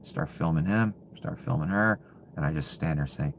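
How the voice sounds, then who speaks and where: A man in a bitter, profane ranting monologue, full of contempt and often sinking to low hushed muttering. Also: moderate pace, gravelly, a little hiss or hum.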